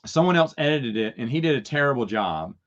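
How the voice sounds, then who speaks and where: A man's voice: medium pitch, animated, a little fast, a bit bright, lo-fi sound. A man hosting a casual Q&A chat, rambling through stories and chuckling at his own jokes. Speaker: host answering viewer questions.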